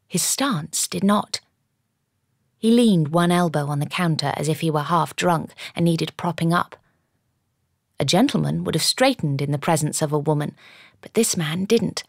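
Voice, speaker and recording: A woman narrating an audiobook in the first person, measured and storytelling, recorded on a studio microphone. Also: sits low, vocal fry, no room sound. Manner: measured storytelling with lively character dialogue.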